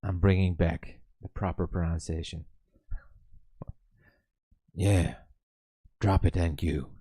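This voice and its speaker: A man with a low-pitched voice and a breathy edge hosts a day-trading stream live, narrating his trades and reading chat. He greets viewers, laughs often and thinks aloud, relaxed but halting and full of fillers. There's no echo, just clean studio sound.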